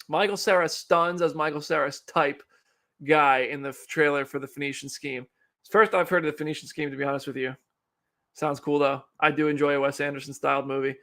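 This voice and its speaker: A man's voice: on the high side, fairly even intonation, fairly quick, a bit bright. A man hosting a live stream, giving casual commentary in a rambling, chatty, self-deprecating way. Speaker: livestream host.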